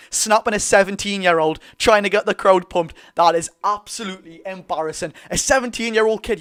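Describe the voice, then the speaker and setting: A young man with a Geordie accent giving excitable, partisan live commentary on a football match for his viewers. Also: high voice. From North East England. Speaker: football fan streamer.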